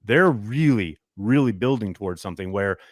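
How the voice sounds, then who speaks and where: A man talking as a guest analyst on a sports radio show, emphatic and quick with his points. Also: fairly low pitch, expressive, no echo, studio quality. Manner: emphatic, rapid analytical talk. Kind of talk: casual sports radio chat.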